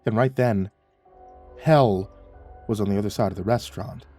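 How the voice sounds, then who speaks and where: A man reading a horror story aloud as a narrator, in a wry, measured manner. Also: fairly low pitch, mellow, soft background music.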